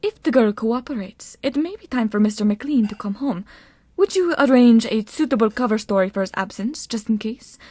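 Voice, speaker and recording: A woman's voice: on the high side, animated, moderate pace, darkish tone, dry recording. A woman voicing a haughty scheming sorceress who speaks in a sneering, condescending way. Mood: silky scheming.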